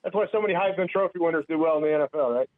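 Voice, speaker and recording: A man's voice: a little high, racing. Wry man on a tinny, phone-like line. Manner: wry, deadpan quips. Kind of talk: casual sports talk banter. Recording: thin phone-like sound, off mic.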